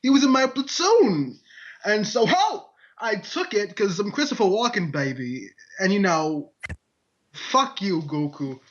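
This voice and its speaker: A man on a casual podcast putting on a slow, halting celebrity impression of an adult man with crude, drawn-out phrasing. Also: high voice, sing-song. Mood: crude drawl. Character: adult male gangster-ish smooth talker impression, crude. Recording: dull lo-fi podcast audio.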